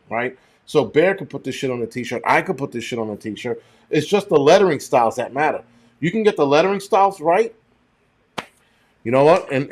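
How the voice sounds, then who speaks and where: Middle-aged male streamer, profane, rambling, chatty livestream commentary. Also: fairly high pitch. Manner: rambling and profane, thanks chat viewers. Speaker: show host.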